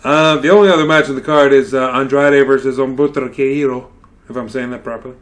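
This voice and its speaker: A man's voice: medium pitch, fairly even intonation, fast. A man hosting a casual podcast chat, laughing often and filling with "uh". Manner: laughs often, many fillers. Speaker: podcast host.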